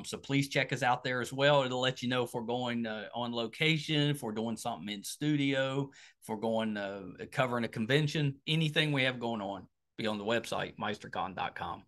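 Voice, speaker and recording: Wrapping up his podcast, a middle-aged host with a West Virginian accent makes a casual appeal for support in a fairly bright tone. His delivery rambles, full of filler words and restarted sentences.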